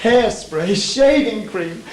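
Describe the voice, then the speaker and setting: An actor playing an incredulous, blustering husband who swears about a burglary, on a live stage. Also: male voice, sits high, expressive, slow. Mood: outraged. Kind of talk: live amateur stage comedy. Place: theatre stage. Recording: distant echoey stage, audience laughter.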